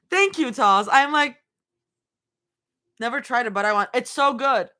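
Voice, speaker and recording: A woman's voice: fairly high pitch, lively intonation, unhurried, pauses often, bright, forceful tone, slight background noise. A woman reading fan fiction aloud on a livestream, stopping often to laugh and chat with viewers. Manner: giggly, laughs often between lines. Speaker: fanfiction reader on a livestream. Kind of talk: live story reading with chat reactions.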